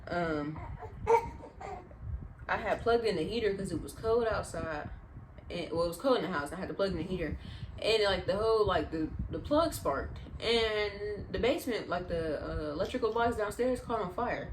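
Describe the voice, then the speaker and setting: A young adult woman, a vlogger, telling casual, animated, slang-filled stories in storytime style. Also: medium pitch, normal speed, a little hiss or hum, low-quality recording. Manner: chatty, slangy, animated retelling.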